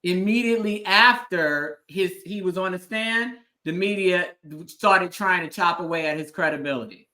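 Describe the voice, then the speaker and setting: Bright-voiced woman host telling a story. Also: fairly low pitch, moderate pace. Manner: earnest storytelling, emphatic, frequent affirming murmurs. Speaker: host, legal analyst. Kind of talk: casual interview conversation.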